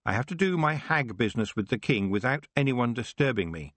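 A man's voice: medium pitch, lively intonation, a little fast, fairly bright tone, no room sound. A man voicing a young witch girl who speaks firmly and earnestly. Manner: firm, earnest.

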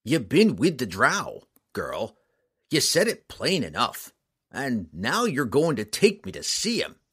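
A man's voice: mid-range voice, huge pitch swings, a bit bright, husky, heavily acted. A man doing a leering brute. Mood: mocking. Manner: slow, drawling, leering backwoods speech. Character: brutish, menacing rough man. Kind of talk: audiobook character voice.

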